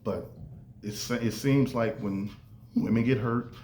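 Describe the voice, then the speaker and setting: Animated man in an echoey room. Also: lowish voice, slow, a little hiss or hum. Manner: animated, acts out quoted voices. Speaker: podcast host. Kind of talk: casual podcast monologue. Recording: echoey room with faint ambience.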